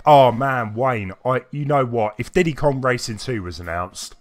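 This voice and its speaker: A British man live-streaming a game and chatting with viewers, feeling unwell and coughing now and then. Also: mid-range voice. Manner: rambling, chatty, answers chat by name. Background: faint game music.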